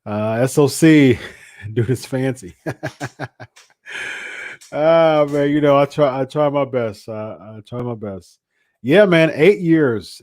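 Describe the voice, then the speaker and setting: A man's voice: mid-range voice, darkish tone, no room sound, clean studio sound. A man hosting a live podcast, chatting casually and chuckling, often repeating himself. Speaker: podcast host. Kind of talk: casual live-stream chat.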